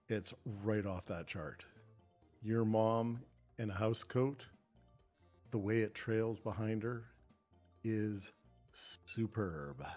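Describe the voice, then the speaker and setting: A man's voice: lowish voice, a little mellow. A man giving an improvised comic talk with a mock-grand, storytelling manner. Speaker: improv game player.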